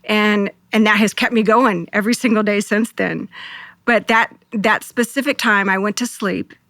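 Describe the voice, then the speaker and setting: A woman, a co-pastor, telling a deeply emotional personal story in an earnest, heartfelt way, often quoting her own prayers. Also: fairly even intonation, normal speed, a bit bright, dry recording, studio quality. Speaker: co-pastor and guest.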